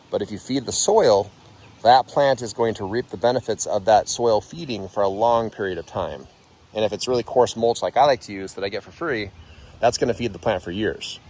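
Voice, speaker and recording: A man hosting a gardening channel, giving a casual, rambling tutorial outdoors in his garden and correcting himself as he goes. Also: on the low side. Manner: rambling, conversational, self-correcting.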